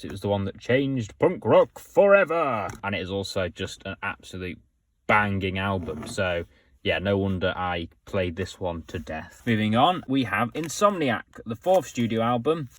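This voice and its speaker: A man's voice: lowish voice, fairly bright tone. A young man casually chatting through his music collection, enthusiastic and full of fillers like "so, yeah". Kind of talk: casual show-and-tell vlog.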